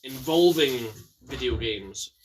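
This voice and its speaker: A young Scottish man hosting a casual bad-movie quiz, chatty, with quick asides and some swearing. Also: mid-range voice, lively intonation, distant mic, background noise. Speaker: quiz host.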